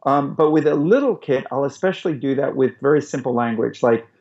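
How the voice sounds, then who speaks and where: A man's voice: mid-range voice, brisk. A man, a guest parenting expert, explaining in an interview and acting out little examples. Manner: animated, demonstrates with acted voices. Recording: dull lo-fi recording.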